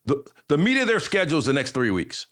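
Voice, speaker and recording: A man's voice: a little high, wildly swooping pitch, quick pace, fairly bright tone. A man co-hosting a sports talk show, debating football casually and thinking aloud with frequent restarts.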